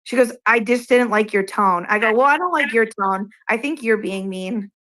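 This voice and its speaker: A woman from Massachusetts, a regular on the show, has a slightly bright, higher voice and a moderate pace. She casually retells an argument from an online game as a story, quoting the back-and-forth and swearing.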